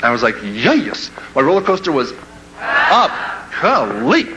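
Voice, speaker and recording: A man with a medium-pitched voice speaks fast over a noisy background, telling an audience a funny personal story as a motivational speaker. He's animated, performing the quoted voices and laughing at his own story.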